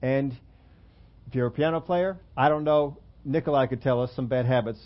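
A man's voice: medium pitch, moderate pace. A man preaching a conversational sermon as pastor, joking about himself and putting questions to his listeners. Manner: conversational, self-deprecating, asks the congregation questions. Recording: dull lo-fi sermon audio.

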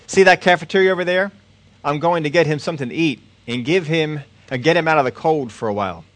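A bright, well-off woman who keeps smiling and will not take no for an answer, as a male preacher puts her on while reading a story aloud. Her voice sits a little high and stays polite and firm. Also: quick pace, natural voice. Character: wealthy kind woman, cheerful and persistent.

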